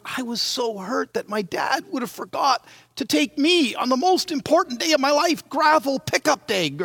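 A man in his sixties preaching a sermon, telling his childhood story in a dramatic, animated way. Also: extremely high pitch, gravelly, no room sound, clean studio sound. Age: 60s.

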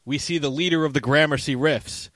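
A man's voice: on the high side, brisk, dry recording. Swearing man retelling a movie. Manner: animated retelling, swears freely. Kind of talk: casual movie recap chat.

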